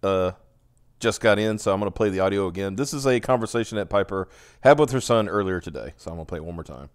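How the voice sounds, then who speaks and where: A man's voice: low-pitched, lively intonation, fast talker, clean tone. A man hosting a casual live stream, chatting, laughing a lot and reading viewer comments aloud. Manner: laughs often, reads chat aloud. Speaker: stream host.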